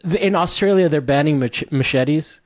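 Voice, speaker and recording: Cuban guy hosting a chill podcast, kinda high voice, rambles and jokes a lot. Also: normal speed, dry recording, clean studio sound. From Cuban heritage. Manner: rambling, jokey, many restarts. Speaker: podcast host. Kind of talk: casual podcast chat.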